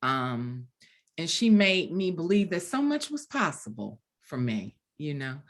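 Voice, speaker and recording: Low-voiced animated storyteller woman in her fifties. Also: measured pace. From Deep South, US. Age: 50s. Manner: animated storyteller, acts out quoted dialogue, laughs often. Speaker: author guest. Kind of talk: storytelling in a virtual book event chat.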